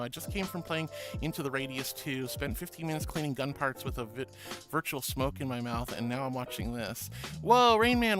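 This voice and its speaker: A woman streamer chatting with her viewers, bubbly and gushing, calling them honey and sweetie. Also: deep voice. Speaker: VTuber streamer. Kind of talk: casual chat with viewers.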